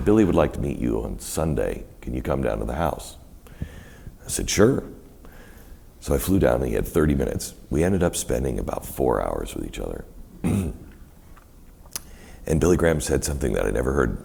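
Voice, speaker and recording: Onstage in a live conversation at a university, a middle-aged man with a very deep, gravelly voice spins a rambling, animated tale for the audience. He acts out what others said in many voices, his pitch swinging widely, over a faint hiss beneath the room sound.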